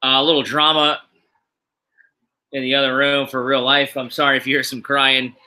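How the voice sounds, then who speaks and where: A man's voice: mid-range voice, flat delivery, normal speed, sharp tone, low-quality recording. A middle-aged man from the US East Coast, hosting a wrestling show on a live stream at home, rambling with fillers and sounding tired. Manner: rambling, many fillers, tired but upbeat. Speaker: wrestling podcast host. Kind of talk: casual live-stream chat. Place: home room.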